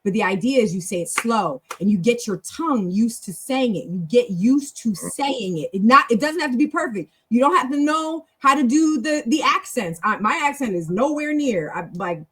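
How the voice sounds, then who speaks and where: A woman hosting a language practice session keeps things relaxed, chatting encouragingly in casual teaching talk. Her husky, slightly breathy voice is a little high and moves at a moderate pace with few pauses as she drifts into tangents and circles back with restarts.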